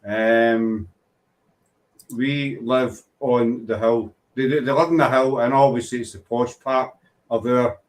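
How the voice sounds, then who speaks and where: A man's voice: mid-range voice, steady tone, slow pace. A man hosting a casual talk show, teasing his guests and repeating himself as he talks. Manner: rambling, teasing, repeats words. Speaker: podcast host. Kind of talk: casual chat.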